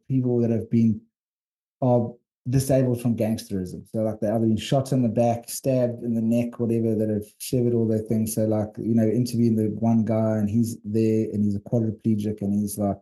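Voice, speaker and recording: Dark-voiced South African man telling stories. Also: on the low side. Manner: rambling, animated storytelling. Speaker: podcast co-host and documentary filmmaker. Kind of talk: casual storytelling chat.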